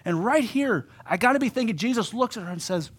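A middle-aged man preaching a sermon in an animated way, rising loud then dropping soft for emphasis. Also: sits high, a little fast, husky. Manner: animated preaching, voicing quoted speakers, drops to soft emphasis. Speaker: pastor.

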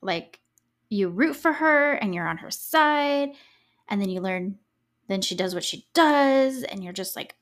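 A woman's voice: medium pitch, lively intonation, unhurried. A young woman hosting a true crime podcast, chatting casually and reacting to the case with sarcastic asides. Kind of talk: casual solo podcast chat.

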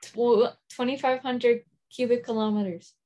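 A woman's voice: fairly high pitch, fairly even intonation, moderate pace, dark tone, slight background noise. A woman in a family podcast, answering quiz questions with short, matter-of-fact replies. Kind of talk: casual family chat.

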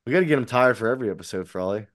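This podcast co-host is a man with a lowish, animated voice who talks at a racing clip. His casual chat rambles along with fillers and restarts, captured as clean studio sound with no room echo.

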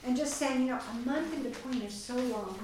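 A woman teaches a small parenting group, chatty and storytelling. Her voice sits a little high. She is recorded from across the room, with heavy room echo. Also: brisk, darkish tone, slight background noise. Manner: chatty, acts out quoted voices. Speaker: parenting class leader. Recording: echoey room, mic far off.

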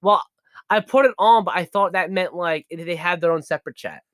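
Young male streamer, slightly high voice, rambling casual chat, dry close sound. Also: fairly bright tone, dry recording. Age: young adult. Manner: rambling, restarts, quick apologies. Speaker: podcast co-host and streamer.

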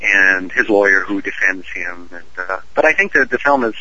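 A man's voice: low voice, lively intonation, normal speed, bright, forceful tone, dull audio. A male actor being interviewed over a call, friendly and talkative, explaining at length with frequent uhs. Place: on a call from his home city.

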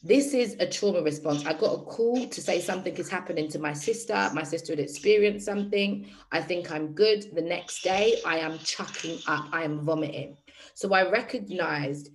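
A woman's voice: fairly low pitch, normal speed, slight background noise, poor audio. A woman hosting a group session, speaking candidly and addressing the group directly in casual talk. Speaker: workshop host.

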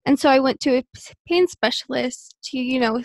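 A woman guest on a casual podcast with a high voice. She speaks earnestly, comparing experiences with the host. The recording is dry and close. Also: normal speed, dry recording.

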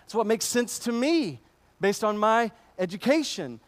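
High-voiced conversational male preacher. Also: very animated, measured pace. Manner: conversational, emphatic, repeats phrases. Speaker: pastor. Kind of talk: sermon.

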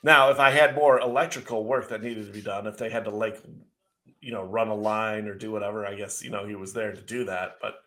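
A middle-aged man co-hosting a casual chat, telling an animated, sarcastic story with mocking asides. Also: lowish voice, fairly quick. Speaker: podcast co-host.

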